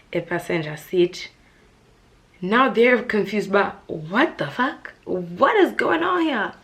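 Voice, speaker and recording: A young woman with a South African accent, telling a casual storytime vlog in an animated, dramatic way, with shrill high voices for the people she quotes and hushed whispers for the tense parts. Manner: drops into hushed whispers when telling suspense. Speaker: YouTuber.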